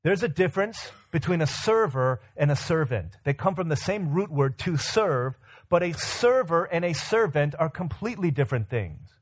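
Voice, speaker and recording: A man's voice: fairly high pitch, lively intonation, moderate pace. A man preaching a sermon as pastor, telling an everyday story and asking the congregation rhetorical questions.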